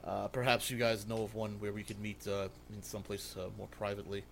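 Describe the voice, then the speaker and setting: A man's voice: on the low side, flat delivery, creaky, a bit bright, a little hiss or hum. A man voicing a shaken middle-aged nobleman consul who stammers and halts mid-sentence. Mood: uneasy. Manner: halting, flustered.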